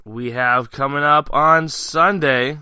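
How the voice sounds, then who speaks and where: A man hosting a podcast in a bright, crisp voice, talking close to a dry mic. He rambles with eager enthusiasm as he reads through a list of dates and places. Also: a little high, fairly even intonation, takes it slowly, no echo. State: out of breath. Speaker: podcast host. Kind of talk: casual podcast interview and event rundown.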